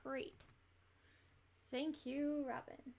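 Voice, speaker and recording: A woman streaming a game and chatting along in a loose, rambling way, often breaking into little laughs. Her voice sits a bit on the high side. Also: little pitch movement, very slow, creaky, a little mellow. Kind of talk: casual gameplay commentary.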